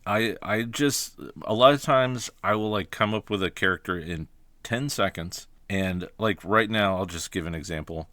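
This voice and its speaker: A man's voice: fairly low pitch, normal speed, bright, forceful tone, no room sound. A man and game master talking casually on a podcast, thoughtful and often restarting his phrases.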